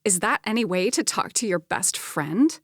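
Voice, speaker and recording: A woman's voice: medium pitch, animated, moderate pace, fairly bright tone, no echo, clean studio sound. A woman reading an audiobook, voicing a smug, sarcastic young woman.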